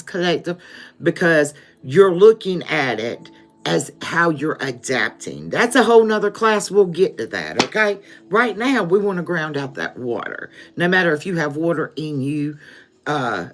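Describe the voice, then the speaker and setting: A woman giving a live-stream tarot reading, addressing her viewers as "collective" and checking in with "okay?" often. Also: low voice. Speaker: tarot reader.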